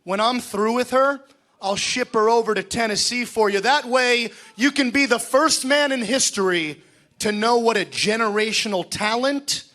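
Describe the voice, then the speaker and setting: A young man cutting a wrestling promo in a large arena on a handheld mic, taunting and shouting mocking insults at his rival. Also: very high voice, normal speed.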